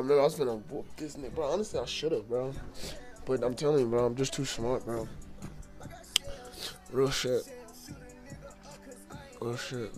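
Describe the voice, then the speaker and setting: A young man with a mid-range voice tells a rambling, profane story in casual slang. He gets loud and animated when he's worked up.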